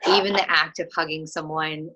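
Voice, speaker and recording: A woman's voice: low voice, steady tone, normal speed, sharp tone. A young woman on a video call, talking thoughtfully about a book in casual chat, with many fillers and restarts. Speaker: co-host of a book discussion.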